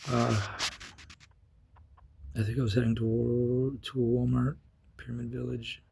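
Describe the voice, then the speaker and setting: A man speaking in a rough, gravelly voice with heavy fry, the tone deeply husky and worn. He recounts a personal story in a loose, rambling vlog manner, full of fillers and restarts. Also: monotone, a little slow, warm tone, no echo. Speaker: vlogger. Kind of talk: casual storytelling.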